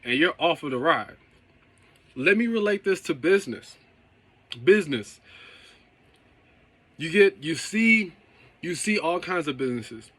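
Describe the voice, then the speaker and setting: A man's voice: on the high side, fairly bright tone, dry recording. A man who runs a car detailing business, giving a casual motivational talk and often checking in with "okay?" and "right?".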